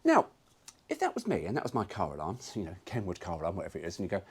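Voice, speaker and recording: A man's voice: deep voice, huge pitch swings, very fast, breathy edge. A man hosting his own car video, chatting casually with cheeky, sweary jokes. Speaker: car vlogger.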